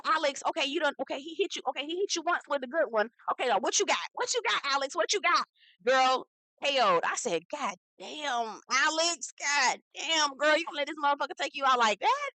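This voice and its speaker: A woman hosting a casual reality TV recap, talking in a sassy, profane, animated way and acting out the quotes herself. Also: high-pitched, no room sound, poor audio.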